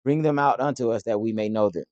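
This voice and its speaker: A man reading scripture aloud in a steady, plain way. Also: on the low side, fast, no echo, highs cut off. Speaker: scripture reader.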